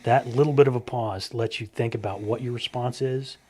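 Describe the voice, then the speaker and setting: Husky man telling stories. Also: medium pitch, brisk. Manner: animated storyteller, acts out quoted voices. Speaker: guest. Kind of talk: casual conversation, telling stories.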